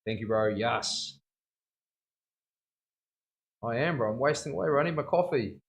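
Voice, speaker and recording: A man's voice: mid-range voice, expressive, normal speed, creaky. Laid-back New man. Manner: laid-back, laughs often, slangy. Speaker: tattoo artist streaming. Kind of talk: casual live-stream chat. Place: tattoo studio.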